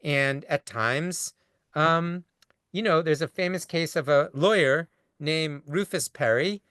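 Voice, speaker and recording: A man's voice: fairly high pitch, slow, a bit bright, clean tone, dry recording, clean studio sound. A man, a rabbi, giving a conversational lecture over a video call, long-winded and full of restarts. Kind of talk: conversational lecture answering a question.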